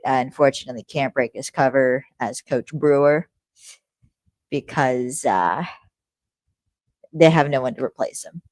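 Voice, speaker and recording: A woman's voice: extremely low pitch, darkish tone, no echo. A young adult woman hosting a podcast, recapping an episode in a rambling, casual way, swearing freely and correcting herself as she goes. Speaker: podcast host.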